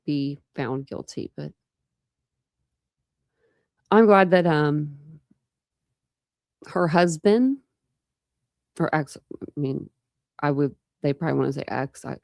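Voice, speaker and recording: A woman's voice: low-pitched, gravelly, darkish tone, no room sound, clean studio sound. A woman hosting a true crime channel, chatting casually and rambling to her live chat.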